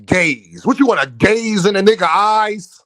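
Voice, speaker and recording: A man with a high voice that swings widely up and down, hosting a livestream and firing back at his chat. He is brash, profane and mocking, and he sounds dry and close to the mic. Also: lively intonation, unhurried, fairly bright tone, no room sound. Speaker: boxing livestream host. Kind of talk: heated livestream rant at viewers.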